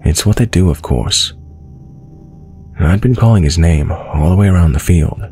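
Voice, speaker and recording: A man narrating a true horror story in the first person with a measured storytelling delivery. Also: deep voice, warm tone, soft background music.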